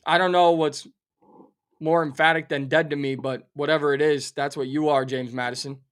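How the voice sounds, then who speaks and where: A middle-aged man hosting a sports talk show, delivering an animated, sarcastic rant of theatrical outrage about a football game and a bet. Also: on the high side, normal speed, smooth. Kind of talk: fired-up sports betting rant.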